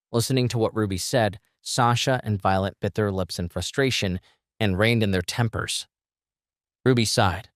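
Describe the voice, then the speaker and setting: A man reading a fantasy audio story in a steady, even storytelling manner. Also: lowish voice, moderate pace, no echo, clean studio sound. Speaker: narrator. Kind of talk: scripted narration.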